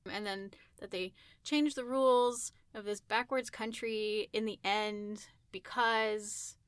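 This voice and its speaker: A woman's voice: medium pitch, steady tone, takes it slowly, smooth, dry recording. A woman chatting as a guest in a casual discussion, talking in rambling asides and laughing often.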